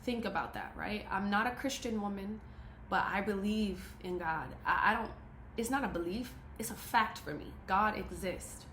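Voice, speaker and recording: A woman's voice: mid-range voice, normal speed, a bit bright, slight background noise. Woman, motivational speaker to camera, emphatic and preachy, mid-range voice, roomy echoey recording. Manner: emphatic, preachy, repeats key phrases. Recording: roomy echo, faint ambience.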